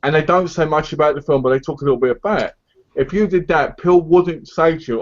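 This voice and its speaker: A fairly high-voiced man speaks frankly on a live stream, lecturing and insistent as he hands out advice. The audio is muffled and lo-fi. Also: fast. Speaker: co-host of a live online chat giving advice. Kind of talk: casual live chat.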